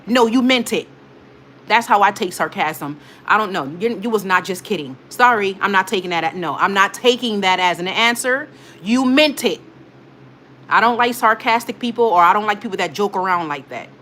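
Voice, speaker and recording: A woman talks straight to her live-stream viewers and reads their comments aloud. She scolds trolls emphatically and hammers her points home by repeating them. Her voice sits at an everyday pitch, with a faint hiss in the background. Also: expressive, normal speed, fairly bright tone. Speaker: livestream host.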